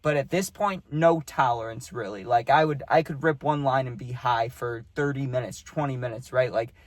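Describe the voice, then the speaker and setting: A man's voice: medium pitch, moderate pace, dry recording. Young man swearing through a rambling story. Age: young adult. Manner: loose, profane, rambling with many fillers. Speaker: podcast host telling a personal story. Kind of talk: casual storytelling.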